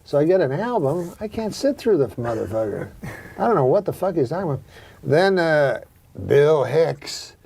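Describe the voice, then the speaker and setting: A middle-aged man hosting a talk show, telling rambling, profane anecdotes in a deadpan way. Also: a little high, normal speed, creaky, slightly rough. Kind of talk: casual chat and anecdotes.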